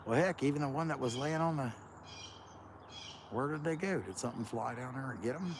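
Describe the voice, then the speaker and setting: A man's voice: mid-range voice, lively intonation, fairly quick, noisy background. A man from Central Ohio with a Kentucky accent, chatting casually and rambling on a live stream while out in farm fields. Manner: rambling, self-described lazy drawl. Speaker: livestream host.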